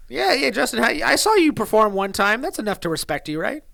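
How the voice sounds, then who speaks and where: A man's voice: extremely high pitch, very animated, a little fast, gravelly, pushed and bright. A young adult male comedian in casual podcast chat, rambling, laughing often and trailing off mid-thought.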